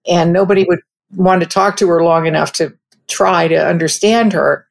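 A woman with a lowish, gravelly voice recounts a personal story in a conversational way. She sounds reflective and halting and often starts her sentences over. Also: steady tone. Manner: reflective, halting, with frequent restarts. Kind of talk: personal anecdote told conversationally.

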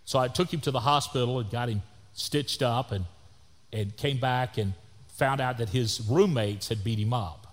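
Brief: male pastor, storytelling sermon, mid pitch, long church reverb. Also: moderate pace. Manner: folksy storytelling with acted quotes, swings from loud to soft.

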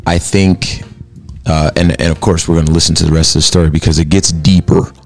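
A male host with a very deep, gravelly voice, talking things over in a reflective, explaining manner. Faint music runs underneath. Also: level tone, brisk. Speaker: podcast host. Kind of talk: casual chat.

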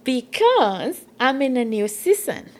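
Higher-voiced woman testifying. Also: sing-song, slow pace. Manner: warm, emphatic storytelling with frequent affirmations. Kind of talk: faith conversation.

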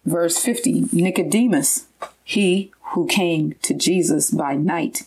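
A woman's voice: on the low side, slow, darkish tone, breathy edge, rough recording. A woman in a conversational Bible study who reads the verses aloud and backs up her partner.

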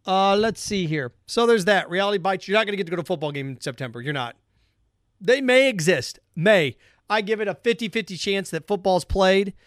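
A man with a fairly high voice hosts his own podcast as a one-man opinion rant. He talks with heavy sarcasm and drives his points home by repeating them. The sound is close and dry. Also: lively intonation, fairly quick, fairly bright tone, no room sound. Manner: sarcastic, repetitive ranting. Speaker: podcast host.

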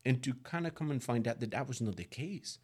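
A man's voice: mid-range voice, lively intonation, fairly quick, darkish tone, husky. A middle-aged man whose first language is not English, a guest chatting earnestly and rambling about raising his teenage sons, with many fillers and restarts. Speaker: guest, father of three teenage boys. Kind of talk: casual interview chat.

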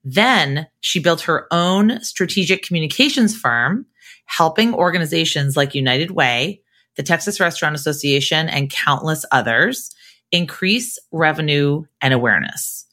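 A woman's voice: sits low, animated, normal speed, pushed and bright. A middle-aged woman hosting a podcast, talking in an upbeat, grateful way. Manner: upbeat, thankful, enthusiastic. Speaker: podcast host. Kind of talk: podcast intro and chat.

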